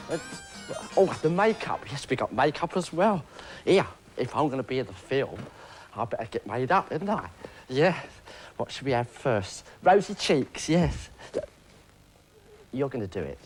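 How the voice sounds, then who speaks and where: A man presenting a children's TV show, chatting playfully and coaxingly. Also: medium pitch. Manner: chatty, coaxing, talking to a puppet. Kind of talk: playful kids' show patter.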